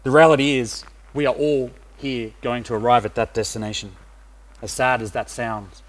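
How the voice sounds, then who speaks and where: A man's voice: mid-range voice, steady tone, moderate pace. Hesitant middle-aged male preacher. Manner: hesitant, many "uh" fillers. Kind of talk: sermon.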